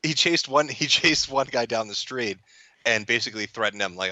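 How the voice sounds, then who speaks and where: A man's voice: medium pitch, moderate pace, pushed and bright, dry recording. Dry-voiced man rambling with profane humor. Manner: profane, rambling, stammers on restarts; amused, laughs while talking. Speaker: guest. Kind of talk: casual chat.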